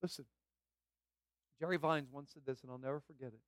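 A man preaching a sermon as pastor, fervent and emphatic, building to loud repeated declarations. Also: mid-range voice, fairly quick, no room sound, studio quality.

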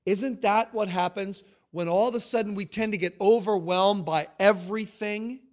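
A male pastor delivering a sermon with emphatic, stacked repetitions and lively storytelling. His voice sits notably high for a man. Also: moderate pace. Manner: emphatic, piles up repeated phrases; animated storytelling.

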